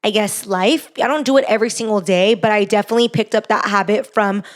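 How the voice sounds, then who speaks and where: A woman's voice: medium pitch, fast. A young woman hosts her own podcast and tells a personal story. Her talk is loose and chatty, peppered with fillers, and it turns sincere and heartfelt as she reflects. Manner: chatty, heartfelt, lots of "like" and "you know". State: gets emotional. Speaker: podcast host.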